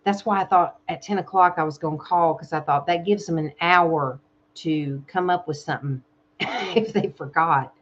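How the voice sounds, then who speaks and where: A soft-spoken woman with a Southern American drawl chats easily with her viewers during a home live stream. She talks warmly and a little emotionally. The stream audio sounds slightly dull. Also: lowish voice, moderate pace. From Southern United States. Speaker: ASMR channel host. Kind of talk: casual live-stream chat. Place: home in Thailand.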